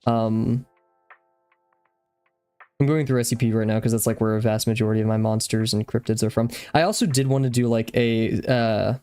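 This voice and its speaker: A man's voice: fairly low pitch, fairly even intonation, normal speed, dark tone, clear, resonant tone. Young adult male streamer, out of breath, rambly and distractible, casual chat over faint background music. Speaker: drawing live-streamer.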